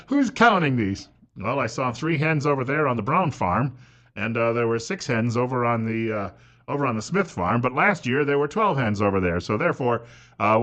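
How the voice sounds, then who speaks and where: A man's voice: medium pitch, a bit bright. Middle-aged man, radio talk host, sarcastic and mocking, chuckles through his monologue. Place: radio studio.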